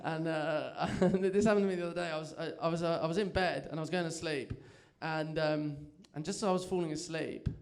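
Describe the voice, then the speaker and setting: A man's voice: a little high, steady tone, fairly quick, few pauses, a little mellow, smooth. A young man doing a chatty, self-mocking stand-up set on a comedy club stage, telling stories with lots of energy.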